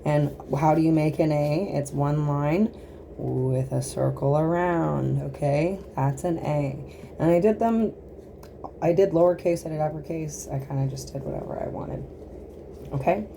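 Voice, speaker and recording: Low-pitched American woman, slow and patient, drilling letter sounds at home over an audible noise floor. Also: steady tone, vocal fry. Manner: sounds out letters slowly, breaks off to scold a small child. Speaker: home teacher of American pronunciation. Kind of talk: casual home phonics lesson. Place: home, with a small child nearby.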